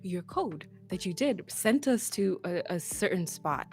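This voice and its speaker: Woman doing a low quiet grump gone hopeful, halting, repeats stuff. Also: lively intonation, faint music behind. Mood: earnest. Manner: hushed, halting, repeats words. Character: hopeful young adult, usually a grump.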